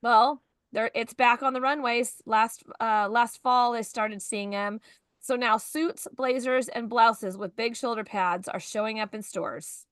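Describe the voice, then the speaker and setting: High voiced woman cohost, chatty, reads out news bits, dry close mic. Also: fairly even intonation, a little slow, fairly bright tone, clear, resonant tone, no echo. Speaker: morning show co-host. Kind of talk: casual radio-style chat.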